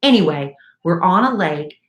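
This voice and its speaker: A middle-aged woman and radio co-host, telling a story in a chatty, animated way in casual talk. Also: fairly low pitch, normal speed. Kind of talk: casual chat. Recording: echoey room.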